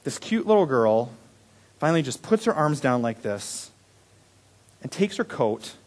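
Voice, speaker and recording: A young adult man preaching a sermon as a pastor, telling a story with animated delivery that swings from loud emphasis to hushed, quiet moments. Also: medium pitch, unhurried.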